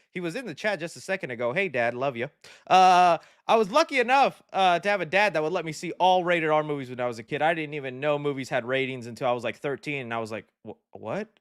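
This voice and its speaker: A man's voice: clean tone, dry recording, studio quality. A young man hosting a live movie discussion stream, reading viewer comments in casual chat and laughing often. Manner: excitable, laughs often, animated shifts in pitch.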